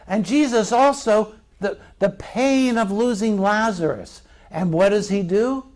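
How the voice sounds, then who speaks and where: A man's voice: high voice, measured pace, darkish tone. A middle-aged male pastor preaching a sermon in a conversational way, asking the congregation questions.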